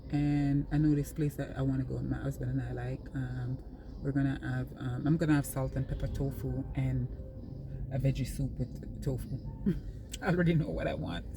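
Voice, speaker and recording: Low-voiced woman rambling from her car. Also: steady tone, normal speed, over music. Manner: rambling, chatty, many fillers. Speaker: vlogger. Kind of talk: casual chat to camera. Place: inside a moving car on the highway. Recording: mic far off, loud road noise. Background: car and road noise.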